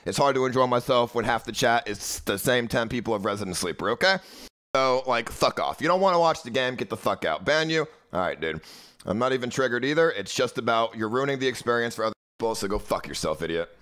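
A man's voice: medium pitch, expressive, quick pace, fairly bright tone. A young man live streaming, ranting at his chat in a profane, agitated, repetitive way. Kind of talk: livestream rant at chat.

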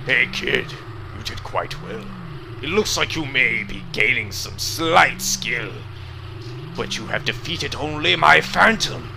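An Australian man voicing a menacing male villain sorcerer from a video game who speaks slowly and ominously. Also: mid-range voice, expressive, gravelly, background noise. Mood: taunting. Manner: slow, ominous, boastful.

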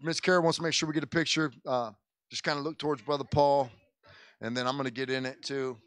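A man's voice: mid-range voice, fairly even intonation, fast talker, fairly bright tone, no echo. A male pastor making casual, folksy church announcements in the sanctuary, chatty and often breaking off mid-sentence. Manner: folksy, chatty, self-interrupting.

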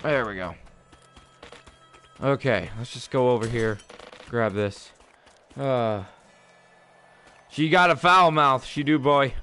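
A young man streaming a video game, talking casually with a profane, excitable manner and laughing often. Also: mid-range voice, takes it slowly, long pauses, faint music behind. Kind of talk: casual livestream commentary.

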